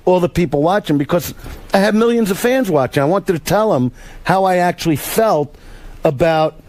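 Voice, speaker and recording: A man's voice: high voice, expressive, moderate pace, darkish tone. A man, a comedian guest, talking in a casual studio chat, emotional and rambling with frequent restarts. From United States.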